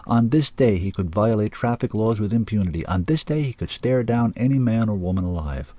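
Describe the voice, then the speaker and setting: Deep, husky male audiobook narrator. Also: animated, brisk, dark tone, no room sound.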